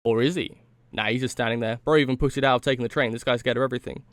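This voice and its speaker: A man's voice: mid-range voice, steady tone, racing, dry recording. A man narrating a comedic recap in a profane, slangy, wisecracking voice-over.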